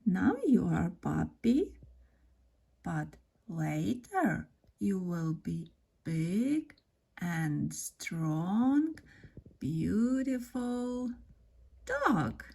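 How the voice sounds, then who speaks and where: A woman narrating a doll play story, showing toys in a slow, gentle show-and-tell way. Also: lowish voice, sing-song, vocal fry, slightly rough. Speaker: toy storyteller.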